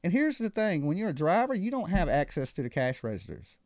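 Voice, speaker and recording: A man's voice: a little high, big pitch swings, brisk, darkish tone, dry recording, studio quality. A man hosting a live call-in show, telling a story casually and acting out other people's lines.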